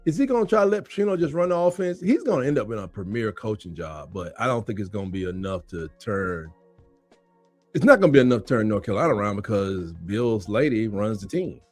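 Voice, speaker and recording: A man riffs through casual sports chat with a voice that swings high and low as he tells stories and laughs along the way. The sound is dry and close, and faint music runs underneath. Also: a little fast, no room sound. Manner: animated storyteller, laughs often, repeats catchphrases. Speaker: sports show co-host.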